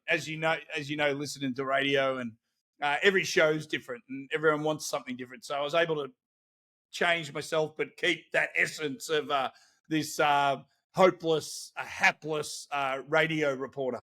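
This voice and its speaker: An Australian man telling lively stories in a casual podcast chat, laughing often as he talks. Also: a little high. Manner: animated storytelling, laughs often. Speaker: guest, celebrity interviewer.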